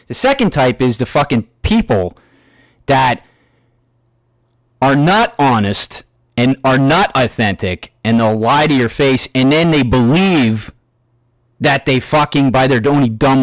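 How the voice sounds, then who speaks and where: An angry man rants through a reaction video and swears in nearly every sentence, stopping and restarting as he talks. His pitch sits in the middle range. The sound is dry and close, with no room echo. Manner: angry, heavily profane ranting; halting, with restarts and fillers. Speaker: YouTube commentator. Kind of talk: ranting reaction commentary.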